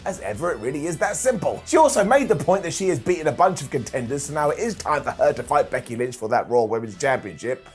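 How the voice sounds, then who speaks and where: A man's voice: on the high side, big pitch swings, fast talker, few pauses. A man giving a sarcastic, jokey recap of a wrestling show, slipping into mocking voices as he goes. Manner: sarcastic, jokey, mimics people in funny voices. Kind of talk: comedic recap commentary. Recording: light background music.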